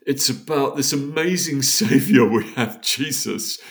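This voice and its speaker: A man's voice: mid-range voice, a little slow. A man, a podcast guest telling a story in casual chat, acting out the voices of the people he quotes. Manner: animated, acts out quoted dialogue.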